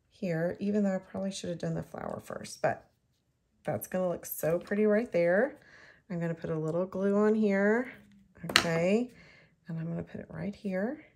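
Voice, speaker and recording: A middle-aged woman, chatting to herself and the viewer in an excitable way while she shows how to make a card. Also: mid-range voice, gravelly, husky. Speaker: card-making demonstrator. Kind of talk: casual crafting tutorial.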